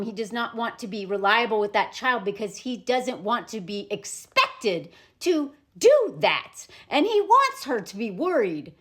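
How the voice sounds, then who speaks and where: A woman vlogging to camera, telling a story with animated, indignant commentary. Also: fairly high pitch. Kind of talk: opinionated commentary vlog. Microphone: self-recorded to camera.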